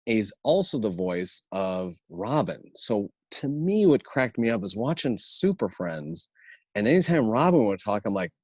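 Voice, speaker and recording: Improv teacher guy on a podcast, laughs a lot, rambly stories, kinda low voice. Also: sing-song, unhurried, darkish tone, no echo. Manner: laughs easily, rambling storyteller. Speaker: guest, improv instructor. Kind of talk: casual podcast chat.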